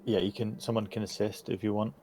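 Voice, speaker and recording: A man narrating as game master, relaxed and hesitant with frequent fillers. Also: fairly low pitch, quick pace, slight background noise. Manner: relaxed, hesitant with many ums.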